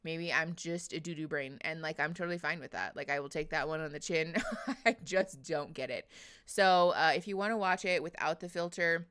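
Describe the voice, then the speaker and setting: Woman livestreaming, lowish smooth voice, chatty and emotional, laughs a lot while reading chat. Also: moderate pace, a bit bright. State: teary after crying. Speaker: livestream host.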